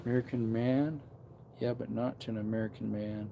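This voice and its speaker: A man's voice: medium pitch, fairly even intonation, normal speed, creaky, mellow, a little hiss or hum. Rambling man in his thirties chatting. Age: 30s. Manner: rambling, answers chat comments aloud. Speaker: livestreamer. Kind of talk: casual livestream chat.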